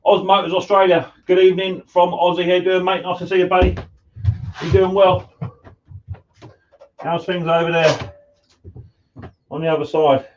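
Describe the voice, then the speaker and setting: A man in his workshop talks easily to his live-stream viewers, calling them mate and buddy as he works. His voice sits a touch high. He is heard from a little way off through a dull, muffled mic. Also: level tone, moderate pace, long pauses, distant mic, a little hiss or hum. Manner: chatty, greets viewers by name, calls them mate and buddy. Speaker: live-stream host, mower repairer. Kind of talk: casual live-stream chat while working. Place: home workshop.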